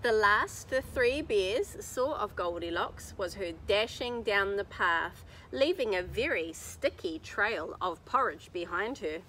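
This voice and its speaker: A woman reading a picture book aloud to children outdoors in a garden, telling it with animated expression. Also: mid-range voice, slow, few pauses, a little hiss or hum. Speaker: children's story reader.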